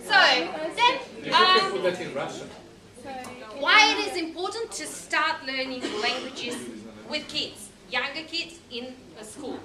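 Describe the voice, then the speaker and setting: A woman's voice: sits high, slow, crowd noise. A woman teacher giving a presentation, hesitant with many ums and slightly unidiomatic English. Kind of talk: lecture presentation. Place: room or hall with audience. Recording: echoey room from far off with noise.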